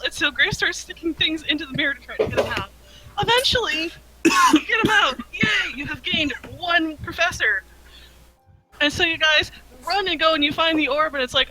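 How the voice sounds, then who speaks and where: A man's voice: very high voice, lively intonation, fast talker, pushed and bright, a little hiss or hum, rough recording. A young man running a tabletop game, recapping past sessions in a slangy, irreverent, swearing manner. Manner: slangy, irreverent, swears, jokey voices in passing. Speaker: game master.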